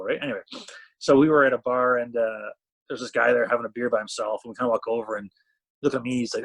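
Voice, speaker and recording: A man from Canada, a talent management CEO, chatting as a podcast guest and telling animated stories where he acts out what people said. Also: medium pitch, fast, husky. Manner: animated storyteller, acts out quotes. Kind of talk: casual storytelling chat.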